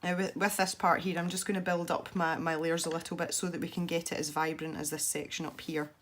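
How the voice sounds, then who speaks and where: A young woman with a congested, stuffy voice, chatting softly as she narrates her colouring. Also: fairly low pitch, level tone, fairly quick, slight background noise. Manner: soft-spoken, chatty and self-deprecating. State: congested from a head cold. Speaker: colouring video host. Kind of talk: relaxed colouring commentary.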